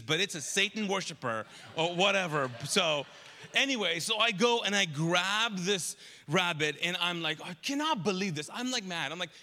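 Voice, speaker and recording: A man preaching a sermon as a pastor, telling a comic story with lively quoted asides, recorded live in a church. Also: high-pitched. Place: large church auditorium. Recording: live church hall reverb.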